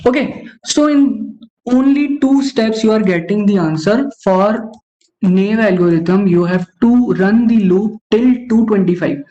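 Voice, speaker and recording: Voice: medium pitch, measured pace, warm tone. Young presenter saying okay constantly. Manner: says okay constantly, stops to correct itself. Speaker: webinar presenter teaching algorithms. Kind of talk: online coding lecture. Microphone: online call microphone. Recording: dull lo-fi call audio.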